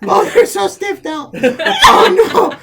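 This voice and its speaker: A man's voice: very high-pitched, wildly swooping pitch, very slow, creaky, raised voice, heavy background noise, voice pushed up, full character voice. A man putting on a cackling drunk old woman. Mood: hysterical, tipsy. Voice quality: shrieking laughter. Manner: howling, slurring demands for drink.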